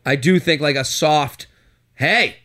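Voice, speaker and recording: A man's voice: on the high side, a bit bright. A young man hosting a podcast, giving joking, chatty relationship advice. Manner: joking, chatty, quick asides. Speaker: podcast host. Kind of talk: casual advice chat.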